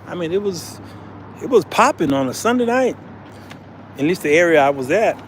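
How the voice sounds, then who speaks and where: A man's voice: sits high, expressive, moderate pace, slight background noise. An American man hosting a casual travel vlog, telling a story with laughter and calling his viewers "y'all.". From United States. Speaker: vlogger, show host.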